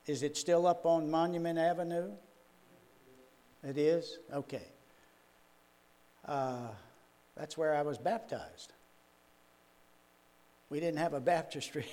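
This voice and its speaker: An older man, a minister preaching a sermon in a folksy, chuckling, storytelling way. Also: fairly high pitch. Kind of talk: sermon with personal stories.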